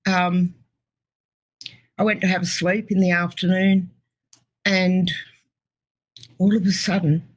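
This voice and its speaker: A woman's voice: lowish voice, flat delivery, slow pace, pauses often, poor audio. A middle-aged Australian woman with an Australian accent, earnestly telling her near-death experience as a guest. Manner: earnest, emotional storytelling. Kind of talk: personal testimony.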